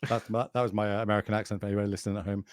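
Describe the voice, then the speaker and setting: A man's voice: on the low side, level tone, racing, no echo. A British man commentating live on a card game tournament, chatty and joking, plugging the channel between plays. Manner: chatty, jokey, plugs the channel.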